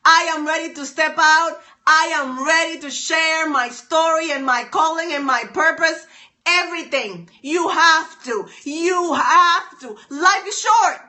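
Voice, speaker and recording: A woman live-streaming from her phone, giving an excited, emphatic motivational talk full of repeated lines. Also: very high-pitched, a little slow. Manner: emphatic, repetitive, preachy. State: excited and sweaty.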